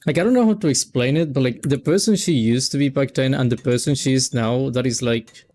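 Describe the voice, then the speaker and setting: A man's voice: medium pitch, brisk, a little mellow. A man streaming a game, telling a personal story in a rambling, self-interrupting way. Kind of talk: casual storytelling while gaming.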